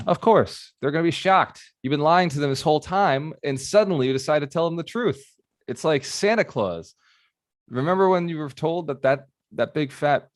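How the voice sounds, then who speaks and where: A man speaks as a real estate mentor, giving a motivational talk to people on a video call. He keeps asking the audience questions in an animated way. His mid-pitched voice sounds dry and close to the webcam. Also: dry recording.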